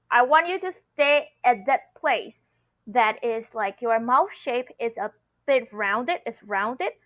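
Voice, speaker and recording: Slow, lively woman teaching pronunciation. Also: fairly high pitch, dull audio. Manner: patient, repeats sounds slowly, checks with "okay?". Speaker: Mandarin teacher. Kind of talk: online pronunciation lesson.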